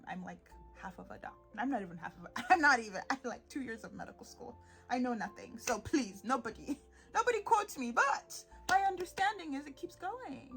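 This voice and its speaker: A woman in her twenties hosting a solo podcast, animated and sarcastic, laughing often and slipping into mocking voices. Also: fairly high pitch. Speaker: podcast host.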